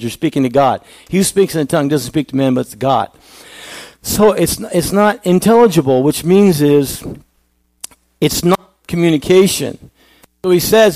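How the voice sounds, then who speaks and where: Animated preacher man, dry sound. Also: fairly high pitch, no room sound. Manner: conversational, asks the congregation questions. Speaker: pastor. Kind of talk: sermon.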